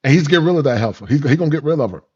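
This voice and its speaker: A man's voice: a little high, lively intonation, rapid-fire, darkish tone, slightly rough, lo-fi sound. A man hosting a reaction commentary, preachy and repetitive, mocking the people he reacts to. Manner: preachy, repeats words, mocking impressions. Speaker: commentary channel host reacting to clips.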